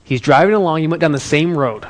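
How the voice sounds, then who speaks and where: Guy telling a story to a crowd, kinda high voice, lively and chatty. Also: quick pace. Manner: animated, conversational, talks to the audience. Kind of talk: storytelling talk.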